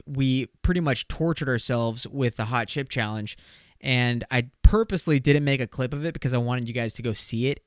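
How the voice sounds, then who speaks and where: A man's voice: medium pitch, smooth, no room sound, studio quality. A young man hosting a casual solo podcast, talking in a loose, slangy way and swearing as he jokes. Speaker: podcast host.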